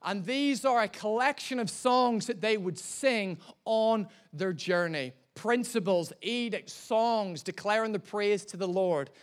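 A man, a pastor, preaching a sermon and telling a personal story in a lively, humorous way. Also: high-pitched, unhurried, hardly any pauses.

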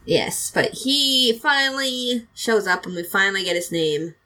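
A woman's voice: medium pitch, expressive, measured pace, pushed and bright, a little hiss or hum, rough recording. A woman hosting a casual podcast, chatty and giggly, rambling through an episode recap with plenty of fillers. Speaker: podcast host.

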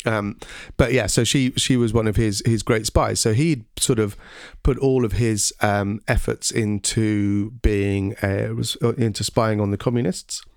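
A man with a low voice hosts a casual educational podcast. He talks with lots of ums and pauses and keeps quizzing his co-host. The recording is close and dry, with no room sound. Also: steady tone, clean tone, no echo.

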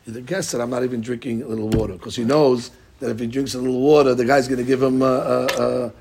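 A man teaching a class on a text. He explains it in an animated way, acts out the people he quotes and often repeats his words. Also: medium pitch, fast talker, gravelly, slight background noise.

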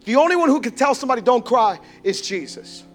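High-voiced man preaching with fervor. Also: sing-song, quick pace, faint music behind. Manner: impassioned preaching that swings from shouts to hushed tones. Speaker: pastor. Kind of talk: sermon.

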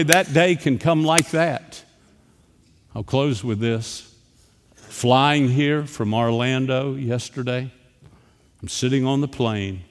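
Guy preaching, tells stories, goes soft then loud, voice echoes around a big hall. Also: medium pitch. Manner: storytelling, swings between quiet and emphatic. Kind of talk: sermon.

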